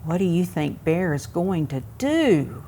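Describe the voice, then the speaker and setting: Lady reading a kids' storybook out loud, slow and super lively, asks the little ones questions. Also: on the low side, a little hiss or hum. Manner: asks young listeners questions, expressive. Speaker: museum story time reader. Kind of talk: reading a picture book aloud to children.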